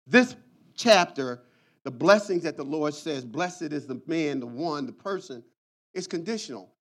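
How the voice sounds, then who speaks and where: A man's voice: high-pitched, a bit bright. A man preaching a sermon, calling out to his congregation and stretching out key words for emphasis. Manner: call-and-response preaching, swooping emphatic delivery.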